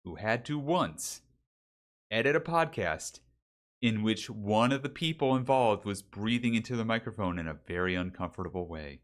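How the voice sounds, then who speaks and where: Male streamer, low voice, animated delivery, rambling chat on a windsocked desk mic. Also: moderate pace. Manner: rambling, talks to chat, reads names aloud. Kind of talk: casual livestream chat. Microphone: desk mic with pop filter and windsock.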